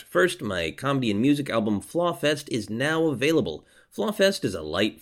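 Guy doing podcast plugs, dry jokey delivery, mid pitch. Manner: dry, self-mocking jokes. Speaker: podcast host. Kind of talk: scripted intro announcements.

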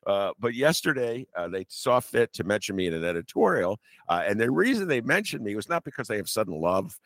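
An older man hosting his own talk show, rambling in a loose, animated monologue full of "uh" pauses. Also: on the low side, no room sound, clean studio sound. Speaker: podcast host. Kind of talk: casual monologue.

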